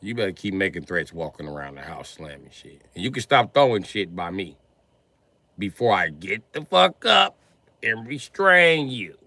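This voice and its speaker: A man's voice: fairly low pitch, very animated, moderate pace, sharp tone, dry recording. A man doing a profane, mocking comedy rant on a live stream, often laughing as he talks.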